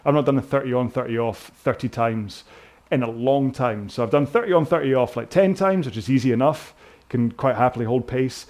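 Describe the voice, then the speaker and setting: A man's voice: mid-range voice, brisk, darkish tone. A British man coaching a rowing workout indoors, chatting in a rambling, self-mocking way with jokey asides. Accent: British English.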